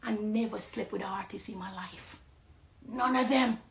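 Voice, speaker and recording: A woman with a Jamaican accent gives an impassioned testimony, pleading one moment and loud and emphatic the next. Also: medium pitch, normal speed, vocal fry, reverberant, a little hiss or hum.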